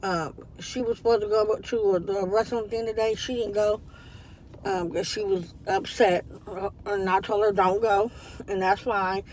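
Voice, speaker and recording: A woman talks straight into her phone from a parked car. She tells the story in a loose, chatty way and acts out the lines of the people in it. Her voice sits at a middle pitch, with a faint hum of background noise. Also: a little slow. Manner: chatty, animated retelling with quoted dialogue. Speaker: vlogger. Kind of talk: casual storytelling vlog.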